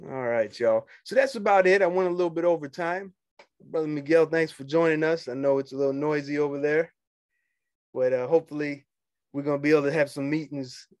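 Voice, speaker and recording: A man, a union organizer talking casually to fellow members, animated and quick to laugh and scoff. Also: a little high, dry recording. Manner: animated, laughs often, dismissive asides.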